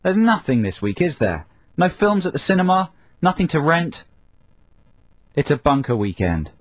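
A man's voice: on the high side, very animated, normal speed, dry recording. A man co-hosting a radio show, bantering in a dry, teasing way.

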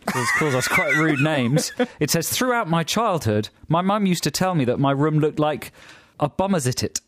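Playful man with a lively voice. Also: on the high side, heavy background noise. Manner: playful, giggly, quick banter. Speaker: podcast co-host. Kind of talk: casual chat reading listener emails.

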